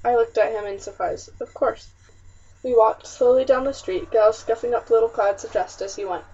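A woman narrating a historical novel in the first person with a measured, expressive reading, on a muffled, slightly distant recording. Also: a little high, breathy edge. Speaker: audiobook narrator.

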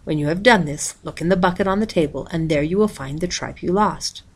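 A woman reading a storybook aloud, voicing a kind, gentle holy woman who speaks softly, slowly and tenderly. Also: on the low side, breathy edge. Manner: soft, slow, tender.

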